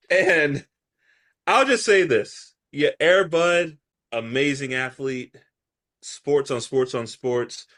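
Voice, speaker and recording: Laughing animated man on a podcast. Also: fairly high pitch. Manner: animated, laughing, acts out ranting voices. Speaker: podcast co-host. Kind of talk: casual chat.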